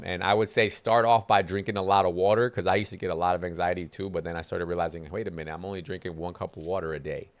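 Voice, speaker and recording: A man's voice: deep voice, a bit bright. A man hosting a livestream, reading out viewer comments and arguing back with a preachy, combative manner. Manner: argumentative, preachy, reads comments aloud. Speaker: livestream host answering chat. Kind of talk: casual livestream chat, debating commenters.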